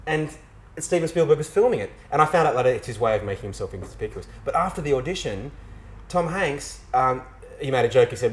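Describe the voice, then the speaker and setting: An Australian actor in a casual interview, telling an animated, self-mocking story with frequent restarts. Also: male voice, medium pitch, fast talker, poor audio.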